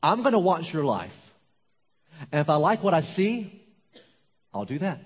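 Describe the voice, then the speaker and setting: A man voicing his suave older immigrant father, speaking in a low, measured, confiding way. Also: very animated, breathy edge, heavily acted. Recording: long reverb of a large hall.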